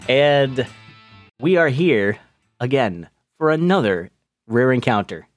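A man's voice: medium pitch, big pitch swings, takes it slowly, soft background music. A man hosting a podcast in casual, rambling chat, joking and laughing often. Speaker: podcast host.

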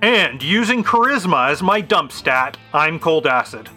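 Bright-voiced, wisecracking male co-host. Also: fairly high pitch, big pitch swings, unhurried, soft background music. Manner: dry, wisecracking. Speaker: podcast co-host. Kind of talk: casual podcast chat.

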